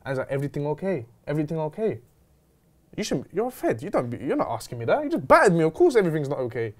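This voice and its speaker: A young man tells a story in a fast rush, his pitch sitting a little high and swinging widely. He is slangy and animated, acting out the other people in his story. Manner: animated, slangy, retelling with quoted dialogue. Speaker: host. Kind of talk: casual storytelling chat.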